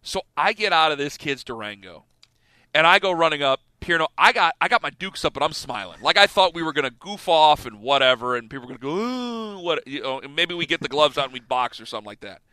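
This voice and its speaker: A man in his thirties hosting sports radio, telling a story in a casual, animated way and acting out the scenes. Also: on the high side, fast, no room sound. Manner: animated, laughing storyteller who acts out scenes.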